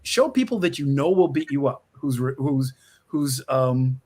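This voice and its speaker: A man's voice: mid-range voice, animated, measured pace, a little mellow, slightly rough. A middle-aged man, a screenwriter guest, chatting casually and rambling with many restarts and small laughs. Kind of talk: casual interview talk.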